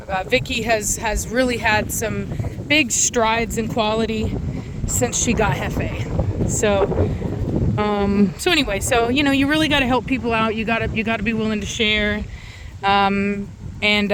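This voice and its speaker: A woman's voice: mid-range voice, slight background noise. A woman hosting her own dog-breeding vlog outdoors, chatting casually with lots of fillers and restarts and calling commands to her dog. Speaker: dog breeder and channel host. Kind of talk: casual vlog talk to camera. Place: outdoors in a yard.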